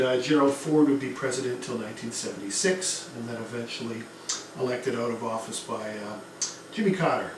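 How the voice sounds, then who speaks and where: A man teaching a history lesson in a conversational lecture style, with fillers and self-corrections. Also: fairly high pitch. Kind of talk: classroom lecture. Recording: distant mic, very echoey room, faint noise.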